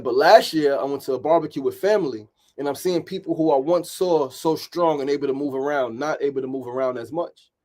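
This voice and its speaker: A middle-aged podcast host gives a motivational talk in a fairly high, darkish voice. He's emphatic and repetitive, frequently asking "right?" and swearing mildly.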